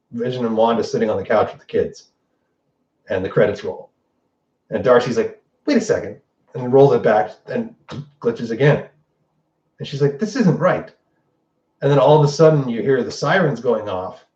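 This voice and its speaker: A man casually recapping a TV episode, excited and swearing, acting out quick quoted lines. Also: fairly low pitch. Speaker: podcast host. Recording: distant roomy lo-fi mic.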